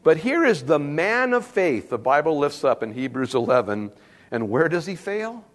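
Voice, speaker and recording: A middle-aged man preaches a sermon in a notably high voice that swings widely up and down. He tells stories with plenty of humor and animated delivery. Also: moderate pace. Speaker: pastor.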